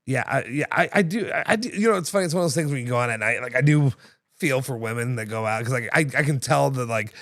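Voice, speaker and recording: Hosting a laid-back live show, this man chats, reads ads, and laughs readily, rambling with plenty of fillers and false starts. He talks fast in an expressive, medium-pitched, slightly bright voice, captured dry with studio quality.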